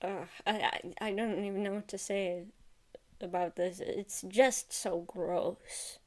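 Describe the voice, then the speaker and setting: Woman, streamer, casual commentary, exasperated, stammering restarts, slow pace. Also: mid-range voice, steady tone. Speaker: streamer reacting to videos.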